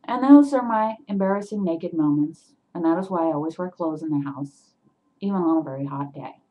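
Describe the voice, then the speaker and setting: A woman telling an animated story to her webcam at home, getting loud and worked up as she goes. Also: low-pitched, brisk, highs cut off. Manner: animated, swings into loud agitated retelling. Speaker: vlogger.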